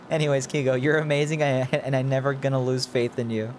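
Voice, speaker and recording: A man's voice: mid-range voice, little pitch movement, a little fast, darkish tone, slight background noise. A man streaming a video game, thinking aloud in casual commentary and chatting with his viewers. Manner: rambling, thinking aloud while playing; chats with viewers.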